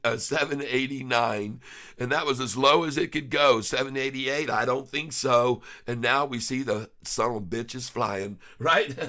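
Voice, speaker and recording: A man giving live stock market commentary, excitable and laughing often, breaking into rhyming hype riffs. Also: mid-range voice. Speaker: stock trading vlogger.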